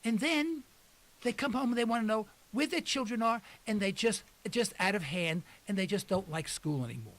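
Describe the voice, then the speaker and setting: High-voiced impassioned older man radio host. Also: animated, normal speed, fairly bright tone. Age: 60s. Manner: emphatic, rambling, impassioned. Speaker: radio talk show host. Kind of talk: talk radio monologue. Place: radio studio.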